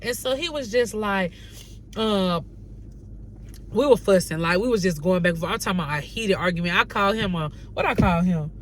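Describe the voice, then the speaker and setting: A woman's voice: mid-range voice, normal speed, slight background noise. Young woman telling a storytime vlog. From North Carolina. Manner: animated, slangy retelling with quoted dialogue. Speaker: vlogger. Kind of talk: casual storytime.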